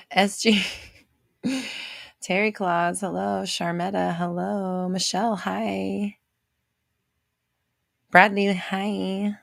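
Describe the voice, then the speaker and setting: Slow chatty woman on a livestream, gravelly voice, dry close mic, greeting everyone in the chat. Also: medium pitch, little pitch movement, no echo. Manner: chatty and playful, reads out viewer names and laughs often. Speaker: host of a livestream show. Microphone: visible desk microphone on an arm.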